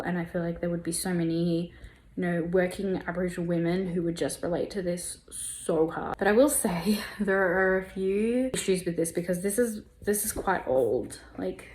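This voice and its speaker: A woman's voice: fairly low pitch, a little mellow. A young woman from Tasmania with an Australian accent, chatting casually about books in a vlog, full of fillers like "like" and "you know". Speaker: book vlogger. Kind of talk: casual reading vlog chat.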